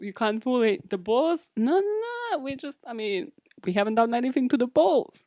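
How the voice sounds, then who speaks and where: A woman's voice: a little high, darkish tone, no room sound, studio quality. Sarcastic, swearing woman podcast host. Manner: chatty, sarcastic, laughs often and swears freely. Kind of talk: casual true-crime podcast chat.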